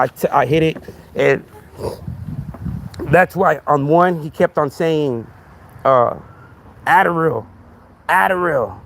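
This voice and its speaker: A man's voice: mid-range voice, slight background noise. A man hosting a podcast in a casual monologue, talking emphatically, repeating himself and asking "right?" again and again. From Texas. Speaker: podcast host.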